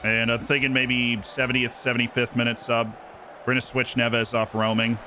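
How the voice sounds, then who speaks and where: A young man streaming himself playing a football management game, muttering asides and then shouting with delight when his team scores. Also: mid-range voice, normal speed, soft background music. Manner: excitable, swings from mumbled asides to shouting at goals. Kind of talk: live gameplay commentary.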